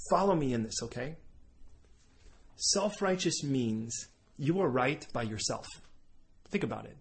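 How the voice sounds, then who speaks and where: A man preaching a sermon, telling an illustrative story and acting out both sides of the dialogue. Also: medium pitch. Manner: animated storytelling, switching between characters' voices. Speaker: pastor.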